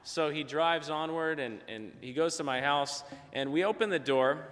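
A man's voice: on the high side, moderate pace, fairly bright tone. A middle-aged man preaching a conversational sermon, telling a story and acting out the voices of the people in it. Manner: conversational, acts out quoted voices. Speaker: pastor. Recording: long hall reverb.

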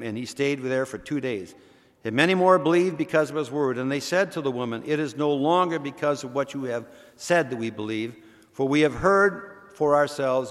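A man reading a gospel passage aloud in a measured, deliberate way during a church service. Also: mid-range voice, big-room sound. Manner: measured, slow emphatic reading. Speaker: scripture reader.

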